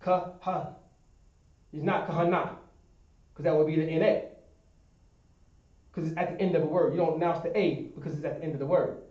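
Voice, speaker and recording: A man's voice: fairly high pitch, fairly even intonation, quick pace, pauses often. A man teaching a Hebrew class at a board, explaining step by step and checking that students understand. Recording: echoey room, distant dull sound.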